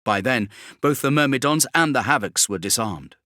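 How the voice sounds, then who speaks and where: A man narrating a bedtime sci-fi audiobook, his pitch moving in a lively way through the action. The tone is bright and crisp. The recording is dry and close, with no room sound. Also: moderate pace, no room sound.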